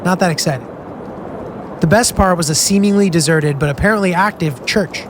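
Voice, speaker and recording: A man's voice: high voice, fairly quick, noisy background. A young man from the United States narrating his road trip in a casual, self-deprecating way, full of "like" and asides. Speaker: travel vlog narrator. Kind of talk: scripted travel narration.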